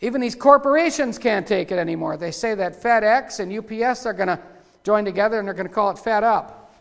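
A man preaching a sermon in a rough, folksy way, breaking into loud outbursts and sliding back to plain talk. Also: high voice, a little fast. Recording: echoey hall with long reverb.

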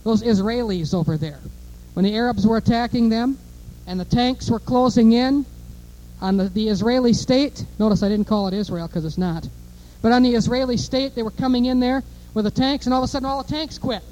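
A man preaching a fiery sermon, emphatic and repetitive, moving between offhand asides and loud declarations. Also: extremely high pitch, brisk, dull audio.

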